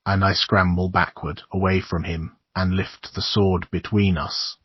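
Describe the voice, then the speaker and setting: A man reading a horror audiobook in a measured, somber narration. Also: sits low, flat delivery, husky, dry recording, dull audio.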